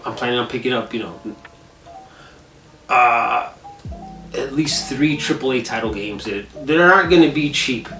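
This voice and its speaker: A male host of a gaming channel vlogs casually, rambling through an animated story full of "I was like," in a mid-range voice. The mic sits back from him in a roomy, echoey space, with soft guitar music playing faintly underneath.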